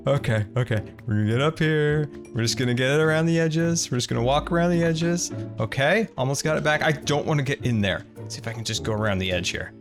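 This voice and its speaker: A man hosting a casual gameplay video, thinking aloud and squealing high in panic when things go wrong. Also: fast talker, few pauses, over music. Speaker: Minecraft let's play host.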